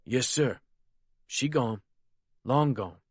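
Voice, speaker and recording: A man's voice: medium pitch, expressive, slow, husky, no echo, studio quality. A man voicing a nervous young courier. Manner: eager, nervous, rustic drawl. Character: simple frightened young male drug courier.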